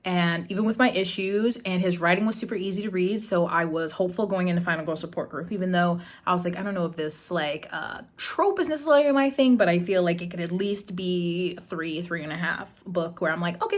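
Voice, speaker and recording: A woman's voice: fairly low pitch, fairly quick, hardly any pauses. A young adult woman vlogging casually about books, blunt and exasperated, swearing freely. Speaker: booktube vlogger. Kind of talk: casual reading vlog and review.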